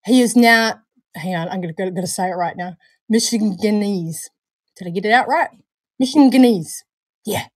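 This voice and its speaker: A woman's voice: mid-range voice, quick pace, no echo. A woman co-hosting a live stream in casual chat, bubbly and laughing often. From New Zealand. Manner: bubbly, laughs often, calls people darling. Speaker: livestream co-host.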